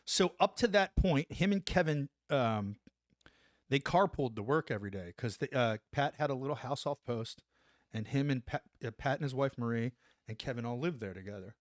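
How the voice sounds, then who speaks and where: A man in his forties, an army veteran guest on a podcast, telling an animated story and tagging lines with "right?". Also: medium pitch, moderate pace, no echo, clean studio sound. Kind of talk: casual storytelling anecdote.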